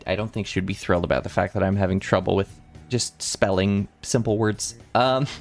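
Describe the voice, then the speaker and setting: A young man on a casual study livestream, working through math problems out loud, rambling and correcting himself as he talks to chat. His voice is still a little rough from the morning. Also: lowish voice. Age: young adult. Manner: rambling, self-correcting, chatty with chat readers. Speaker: vtuber math streamer.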